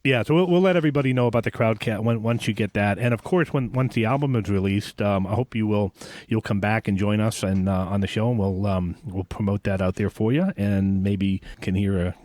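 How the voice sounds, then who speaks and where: Low, dry-voiced man hosting jokingly. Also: brisk, darkish tone, dry recording. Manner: jokey, self-deprecating. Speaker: podcast host. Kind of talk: casual interview chat.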